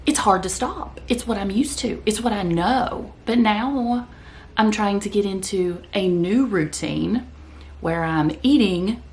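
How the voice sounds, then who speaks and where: A woman's voice: mid-range voice, a little slow, darkish tone. A woman vlogger talking casually to the camera in a chatty, rambling way, sometimes speaking with her mouth full. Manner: chatty, rambling, talks while eating.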